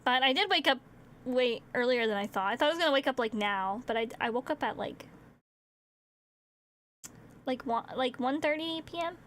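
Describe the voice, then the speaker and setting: A woman's voice: high-pitched, fairly bright tone. A young woman streamer rambling in casual chat, with lots of fillers and acted-out asides.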